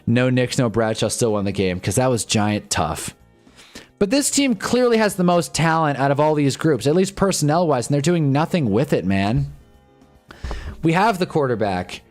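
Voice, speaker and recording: A man's voice: mid-range voice, big pitch swings, moderate pace. Exasperated young man on a fan stream. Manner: wry, exasperated fan commentary, loose and rambling. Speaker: livestream host reacting to a football game. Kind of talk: casual live commentary and chat. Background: faint music.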